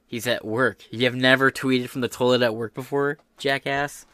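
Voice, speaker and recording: A man's voice: medium pitch, steady tone, moderate pace, pushed and bright, smooth, no echo. An American man hosting a podcast, giving blunt, profane and sarcastic political commentary while reading headlines aloud. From United States. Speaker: podcast host.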